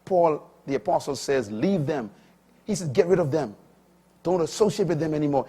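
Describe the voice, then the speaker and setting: Husky, emphatic older male preacher. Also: expressive, normal speed. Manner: emphatic preaching with dramatic pitch swings between soft and loud. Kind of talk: sermon.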